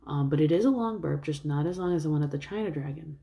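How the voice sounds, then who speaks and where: Low-voiced woman rambling through a movie plot. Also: fast talker, creaky, warm tone. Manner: rambling, with many fillers. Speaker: vlogger. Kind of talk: casual retelling of a movie plot.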